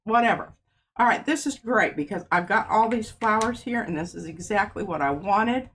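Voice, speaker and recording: A woman's voice: medium pitch, normal speed, fairly bright tone, a little hiss or hum. A woman co-hosting a live art show, chatting and explaining each step as she works. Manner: chatty, explains steps while working. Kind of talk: live crafting demonstration.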